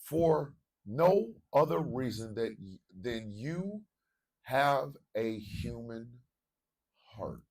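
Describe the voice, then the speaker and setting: Fiery preachy man, gravelly voice. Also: mid-range voice, expressive, drawn-out words, long pauses, recorded from a distance. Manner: preachy, repeats phrases, swings from murmur to shouting. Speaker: morning show host. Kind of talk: impassioned monologue.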